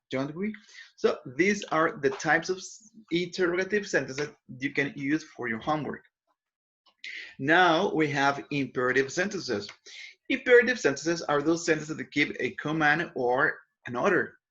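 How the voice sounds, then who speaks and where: A man's voice: a little high, bright, forceful tone. Patient male grammar teacher, lo-fi. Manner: patient explaining, frequent self-corrections. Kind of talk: recorded classroom lesson.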